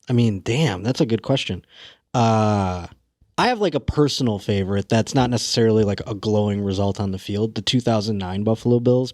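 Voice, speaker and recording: A man's voice: fairly low pitch, no room sound, studio quality. A man talking as a comedian guest on a podcast in loose, rambling casual chat.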